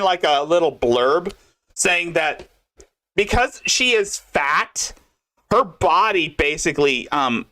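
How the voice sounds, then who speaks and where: Animated, swearing male podcast host. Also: fairly high pitch. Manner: animated, swearing, loose and rambling. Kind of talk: casual commentary podcast.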